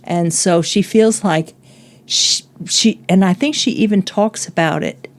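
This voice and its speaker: An older woman talks through a book she loved in a relaxed, chatty way, slipping into little acted-out quotes and laughing often. Her voice sits on the low side. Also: measured pace. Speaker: guest, host's mother. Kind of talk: casual book discussion.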